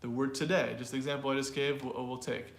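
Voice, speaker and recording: A man's voice: medium pitch, little pitch movement, quick pace, echoey room. A man teaching an online English pronunciation class. He explains in a talkative way and often repeats or restarts words.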